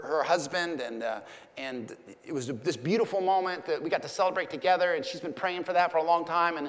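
Preacher guy, fairly high voice, gets loud then goes real quiet, big church echo. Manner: impassioned, rising to near-shouts and dropping to hushed emphasis. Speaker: pastor. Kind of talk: sermon. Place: church sanctuary. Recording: long church reverb.

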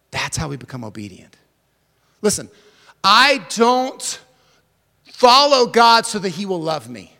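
A high-voiced man in his forties delivers a sermon from the pulpit. He is emphatic, pressing his points through repetition and lurching from loud declarations to hushed, intimate lines. His voice rings out in a hall with a long reverb. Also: very animated, a little slow, long pauses. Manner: emphatic, swinging from loud declarations to hushed near-whispers, repeats key words. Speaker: pastor.

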